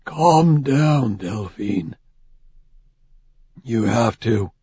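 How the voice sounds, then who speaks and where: Storybook role: male narrator doing a chained, wounded man, husky and hushed, slow and calming, dull lo-fi sound. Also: medium pitch, no room sound, exaggerated voice. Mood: soothing. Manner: hushed, soothing, measured. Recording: dull lo-fi recording.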